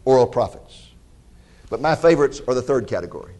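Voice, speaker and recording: A man preaching a sermon, telling scripture stories in an animated way and acting out the quotes, and directing listeners to passages. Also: mid-range voice, a little fast. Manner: animated storytelling with dramatized quotes.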